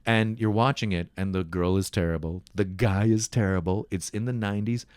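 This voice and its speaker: A man from Canada, a podcast guest, in casual comedic chat, swearing and swinging into high put-on voices when he quotes people. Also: steady tone, fairly quick, a little mellow, smooth, dry recording.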